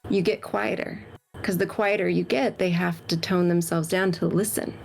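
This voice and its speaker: A woman's voice: lowish voice, steady tone, moderate pace, vocal fry. Brief: woman panelist, blunt and opinionated, faint music under the talk. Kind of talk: casual chat on a live stream.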